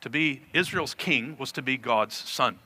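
A man's voice: mid-range voice, measured pace, pushed and bright, husky. A man preaching a sermon as pastor, reading scripture aloud with earnest emphasis.

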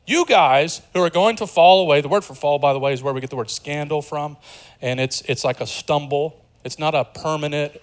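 A man preaching a sermon as pastor, emphatic and animated, acting out quotes with quick asides. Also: on the high side.

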